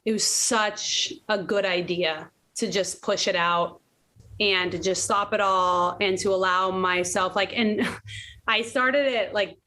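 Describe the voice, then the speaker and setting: A woman's voice: mid-range voice, slow. A woman in her late thirties talking candidly and animatedly as a podcast guest, swearing now and then. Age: 30s. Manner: candid, animated storytelling, swears, laughs often. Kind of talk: casual conversation.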